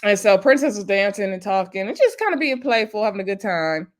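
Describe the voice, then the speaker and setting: A woman's voice: medium pitch, very animated, brisk. Woman, casual TV recap, chatty, laughing asides. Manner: chatty, laughs often, acts out the cast's lines. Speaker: reality TV recap vlogger.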